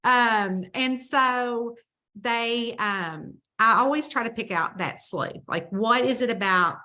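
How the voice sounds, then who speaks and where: Southern woman, crisp bright voice, chatty guest who acts out dialogue. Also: on the high side, takes it slowly. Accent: Southern American. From Southern United States. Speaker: mystery author, interview guest. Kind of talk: casual storytelling interview.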